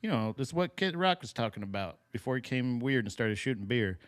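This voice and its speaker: A man chats easily on a casual podcast, often laughing. He reacts to chat comments in a relaxed, friendly way. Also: medium pitch, fairly quick. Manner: laid-back, laughs often, reads chat comments aloud. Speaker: podcast co-host.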